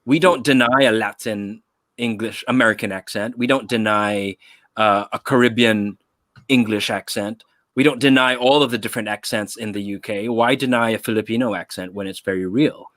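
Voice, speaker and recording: A man's voice: fairly low pitch, steady tone, normal speed, a bit bright, dry recording. A man hosting a casual podcast conversation over a video call, enthusiastic and encouraging. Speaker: podcast host.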